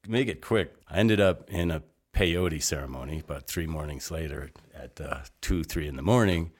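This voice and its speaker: A rambling older American man with a very low, deep voice spins loose, salty yarns as a guest. He jumps between asides and restarts, acting out the people in his stories. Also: slightly rough. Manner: rambling, animated storyteller, salty language. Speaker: interview guest. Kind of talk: casual storytelling.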